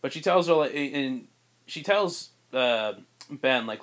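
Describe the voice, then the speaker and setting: A man hosting a podcast, casually pitching a film plot in a rambling way, full of "like" and restarts. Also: lively intonation, takes it slowly, a bit bright. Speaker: podcast host.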